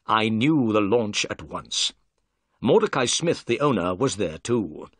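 A man giving clear, measured narration of a graded reader story. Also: on the low side, sing-song, no echo.

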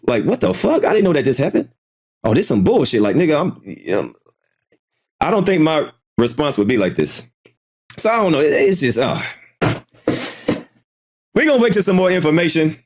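Male live-stream commentator, casual and hesitant, swears a lot, pitch swings widely. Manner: hesitant, repeats himself, swears freely. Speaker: commentary channel host.

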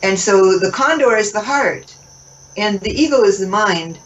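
Woman guest, expressive spiritual teacher, laughs a lot; recorded from afar, muffled. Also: medium pitch, unhurried. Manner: expressive, laughs often, acts out dialogue. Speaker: interview guest. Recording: distant mic, muffled, faint noise.

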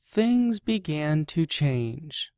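A storyteller reading a children's picture book aloud in a slow, deliberate manner with long pauses. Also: mid-range voice, sing-song, a little mellow, no echo, clean studio sound.

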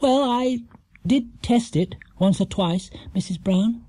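Male reader doing a polite young bear in a storybook: high, hesitant, apologetic. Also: takes it slowly, dark tone, husky, no echo, studio quality, exaggerated voice. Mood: pained.

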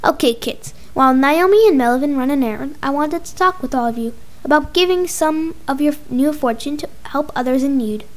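A woman reading aloud, voicing a kind, patient father who talks softly to his children. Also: sits high, normal speed, few pauses, natural voice. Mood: gentle. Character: kind gentle dad talking to his kids.

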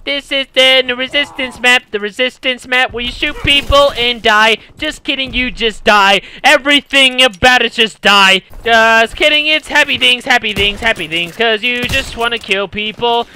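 A young man giving loud, profane, jumpy gameplay commentary, his voice going hoarse from yelling. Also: extremely high pitch, moderate pace, few pauses, slight background noise. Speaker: gaming streamer.

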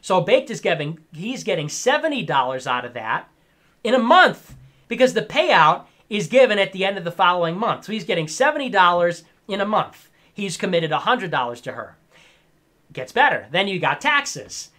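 A man's voice: high-pitched, sing-song, normal speed, sharp tone. A man ranting on a live stream, lecturing emphatically and repeating his points.

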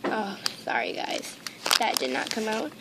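A toy unboxing vlogger chats casually to camera at home, her mid-range voice very animated at a measured pace. She rambles and gushes with lots of ums and repeated exclamations into a handheld camera mic, over heavy background noise.

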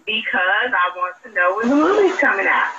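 A woman's voice: mid-range voice, sing-song, normal speed. A woman caller pressing pointed questions on a phone-in show. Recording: muffled clip with faint noise.

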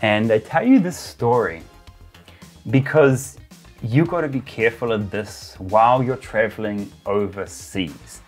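A man's voice: fairly low pitch, unhurried, soft background music. Chatty New man telling a story. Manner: chatty, uses filler words. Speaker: travel vlogger. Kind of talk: casual storytelling to camera.

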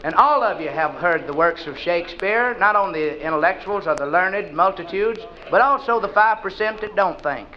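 A man with a high voice spins a folksy comic story, drawling his way through it. The sound is dull and lo-fi with audible noise, like an old live album. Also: expressive, moderate pace, hardly any pauses. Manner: drawling folksy delivery with dialect quotes. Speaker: comedian. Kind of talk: stand-up storytelling monologue.

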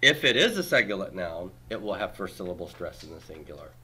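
A man lectures a classroom of students, and his voice sits fairly low with a bright, forceful edge. He explains step by step and keeps throwing questions to the class. His comparisons are plain, everyday ones. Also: very animated, fast, breathy edge. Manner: explains patiently, quizzes the class, uses homely comparisons. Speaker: Hebrew grammar teacher.

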